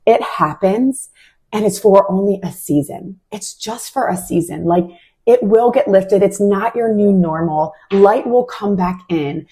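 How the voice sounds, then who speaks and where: Husky-voiced woman sharing a faith testimony. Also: medium pitch, unhurried, warm tone. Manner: casual and heartfelt, many "like" fillers. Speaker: Christian podcast host.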